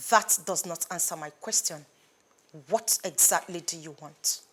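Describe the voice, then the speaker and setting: A woman's voice: fairly low pitch, a little slow, pushed and bright. An actress with a Nigerian accent playing a defiant, obsessive young woman who speaks sharply.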